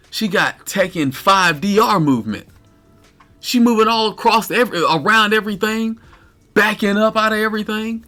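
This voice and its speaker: A man streaming live, ranting in exasperated detail about a fighting game character. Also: on the high side. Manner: animated, incredulous, cursing.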